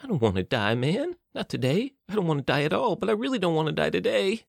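A man doing a panicky jittery guy, high and whiny. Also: big pitch swings, quick pace, gravelly, dry recording, studio quality, exaggerated voice. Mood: panicked.

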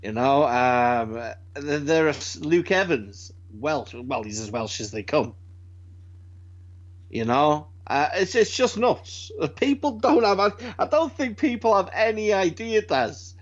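A high-pitched man from Britain talks in a loose, rambling way, swearing and stumbling over his restarts. The recording sounds dull and lo-fi. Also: slow pace. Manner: rambling, animated, swears freely, frequent restarts. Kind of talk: casual chat.

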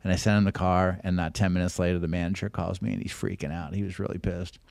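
A man's voice: low voice, level tone, fast, creaky, a little mellow, dry recording. A middle-aged man, a podcast guest, telling rambling anecdotes in a casual way and acting out the voices of people he quotes.

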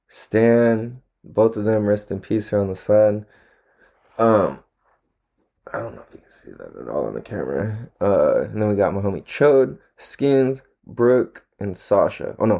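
A man's voice: fairly low pitch, dark tone. A young man hosting his own podcast on camera, talking in a loose, rambling way with plenty of slang and swearing and frequent laughter. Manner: laid-back, slangy, swears a lot, laughs often. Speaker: solo podcast host. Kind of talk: casual rambling monologue. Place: at home, on camera.

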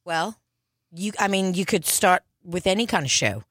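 A woman co-hosting a casual comedy podcast, animated and laughing often. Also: lowish voice, normal speed, no room sound, clean studio sound. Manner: animated, laughs a lot, jokey voices. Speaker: podcast co-host.

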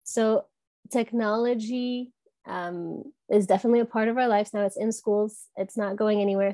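A woman answering interview questions, thoughtful and halting, with frequent pauses and restarts. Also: medium pitch, mellow, no echo. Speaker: guest from an education app company.

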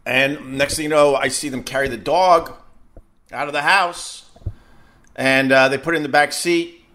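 A man's voice: fairly high pitch, steady tone, moderate pace, sharp tone. A middle-aged man, a podcast host, telling a long casual story and stumbling over and repeating his words as he goes.

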